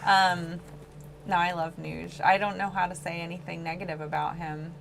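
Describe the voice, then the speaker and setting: A woman co-hosting a casual hobby chat, teasing playfully with quick jokes and laughs. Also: on the low side, flat delivery, vocal fry, a bit bright, slight background noise. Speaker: co-host.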